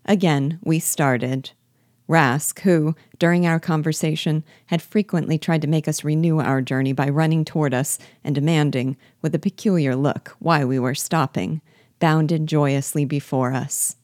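A woman with a low, mellow voice reads a classic novel aloud in a measured, steady way. The sound is close and dry, with no room around it. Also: no echo. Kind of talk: scripted narration of a novel.

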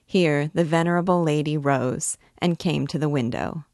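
A woman reads a classic novel aloud in a measured, steady narration. Her voice sits low. The recording is dry and close, with no room echo. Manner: measured storytelling. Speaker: narrator of a read-along.

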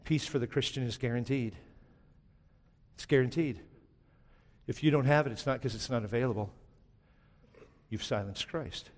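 A man preaching a sermon as pastor, shifting between driving emphasis and hushed, slow lines. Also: mid-range voice, a little hiss or hum. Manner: preaching with sudden drops to a hushed voice. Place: church sanctuary. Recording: long hall reverb.

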